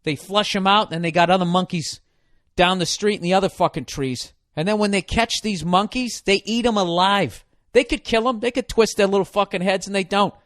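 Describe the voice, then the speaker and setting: Male podcast host, profane exasperated rant, slightly high voice, dry close sound. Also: a little fast, a bit bright, no room sound. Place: hot room.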